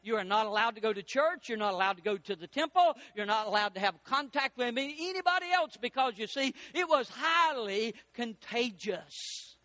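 Preacher guy, real high bright voice, folksy, slows way down to hammer points home. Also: lively intonation, no echo. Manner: folksy preaching with dramatic rises and slowed emphasis. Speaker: pastor. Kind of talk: sermon.

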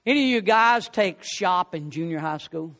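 A man's voice: sits high, lively intonation, moderate pace, fairly bright tone, long reverb tail. A man preaching a sermon, telling folksy stories and rising to fervent appeals.

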